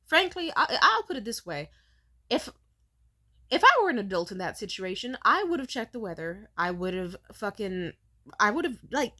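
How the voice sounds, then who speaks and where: A woman's voice: on the high side, pushed and bright. A woman in her twenties ranting in a vlog about her childhood, talking in a profane, rambling way. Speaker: vlogger. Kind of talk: ranting personal vent.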